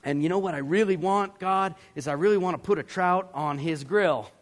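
Animated man preaching. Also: high-pitched, normal speed. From Georgia, US. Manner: animated, acts out voices and yells for effect. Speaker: pastor. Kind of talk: sermon storytelling.

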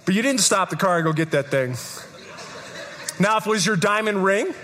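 A man preaching a live sermon to a congregation, emphatic and repetitive, building to shouts. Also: sits high, lively intonation, moderate pace. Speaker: pastor. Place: church service, in front of a congregation.

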